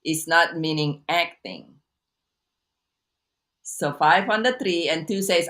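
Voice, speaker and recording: A woman coach talking as an interview guest on a video call, halting with many restarts and repeats as she teaches through a story. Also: on the low side, fairly bright tone. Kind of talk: casual interview talk.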